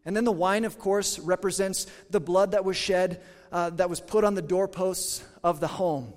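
A man's voice: high-pitched, normal speed. A man preaching a sermon to a congregation, telling stories and acting out quotes. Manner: animated storytelling with acted-out quotes. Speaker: pastor. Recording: hall reverb.

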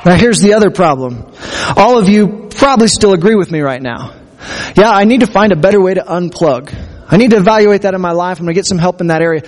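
A man's voice: high-pitched, lively intonation, fast. A man preaching a sermon as pastor, earnest and conversational, speaking to his congregation. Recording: long hall reverb.

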